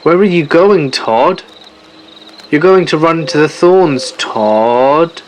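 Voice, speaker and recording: A man voicing an unseen thing in the woods that mimics a man's calls, shouting in a high, drawn-out voice. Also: a little hiss or hum, poor audio. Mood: calling eerily.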